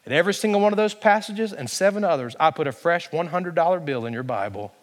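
A man voicing a kind, wise old grandmother, soft-spoken and gentle, within a sermon. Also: on the high side, lively intonation, fast, in a large hall, slight background noise, voice pushed down, lightly acted.

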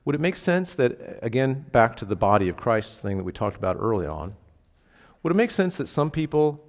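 A man's voice: medium pitch, very animated, normal speed. A man preaching a casual, conversational sermon, often checking in with the congregation and punching key words. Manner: casual, asks the congregation questions, emphatic bursts. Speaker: pastor. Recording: reverberant hall.

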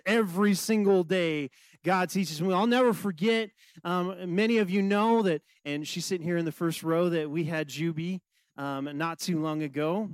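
A middle-aged pastor tells a personal story during his sermon, animated and conversational, with lots of filler words. His voice is high-pitched, and the audio is poor but echo-free.

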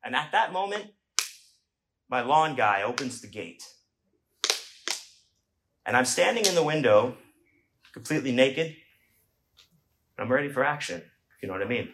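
This middle-aged man from Houston, Texas, has a mid-range voice with big pitch swings, and he tells a comic story to an audience at an unhurried pace, pausing often. He's loose, conversational, and self-mocking, acting out shouts in quoted voices. The echoey room adds a little hiss or hum.

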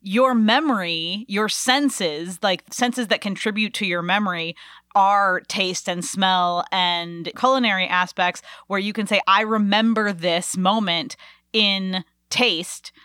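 Slow-spoken female host, smooth clear voice, thoughtful interviewer. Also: mid-range voice, sharp tone, no room sound, clean studio sound. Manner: reflective, encouraging listener. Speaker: podcast host. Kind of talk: casual interview chat.

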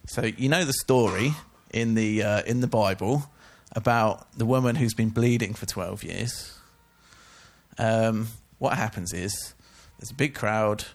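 A man's voice: fairly low pitch, a little slow. A man giving a casual, chatty Bible teaching talk, full of informal asides. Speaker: church teacher.

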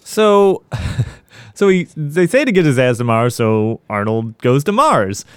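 A man's voice: mid-range voice, very animated, a little slow, clear, resonant tone, dry recording. A man casually recapping a film in a podcast chat, rambling with lots of fillers.

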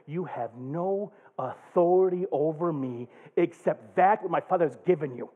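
A male pastor preaching a sermon, moving from a quiet, subdued personal story to loud, passionate preaching. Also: on the high side, normal speed, slightly rough. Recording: tinny phone-like sound.

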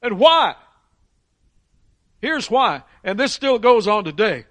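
A man's voice: sits high, animated, moderate pace, fairly bright tone, dry recording. A man preaching a sermon, emphatic, reading scripture aloud and briefly acting out the voices of people in the story. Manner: emphatic, voices characters in Bible stories.

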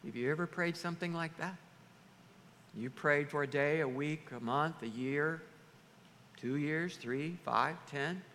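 A man preaching a sermon as pastor, animated, acting out the voices of churchgoers. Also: fairly high pitch, unhurried, slight background noise. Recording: long hall reverb.

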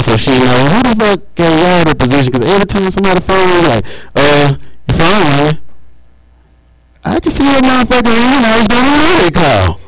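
A man, doing a profane stand-up set at an open mic, jumping up in pitch and volume on punchlines. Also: a little hiss or hum, poor audio. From Mississippi. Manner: profane, swings high and loud for punchlines. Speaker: stand-up comedian.

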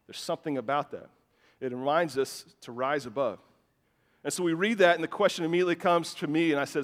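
In a large church hall, a pastor in his thirties preaches an impassioned sermon at a brisk pace, his fairly high voice rising to loud, emphatic bursts. He often restarts his words.

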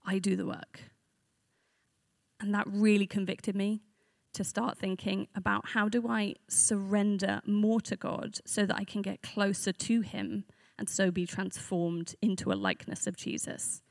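Creaky-voiced woman giving a relaxed sermon. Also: medium pitch, moderate pace, no echo, studio quality. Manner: earnest, reflective, unscripted. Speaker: church speaker. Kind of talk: conversational sermon.

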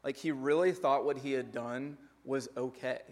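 A young adult man, a pastor, gives a conversational sermon built on numbered points with lively asides. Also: medium pitch, normal speed.

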